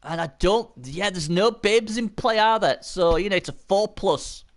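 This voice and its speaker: A man giving casual, chatty live commentary on a video game match, bursting into shouts at big plays and swearing now and then. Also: high voice, moderate pace.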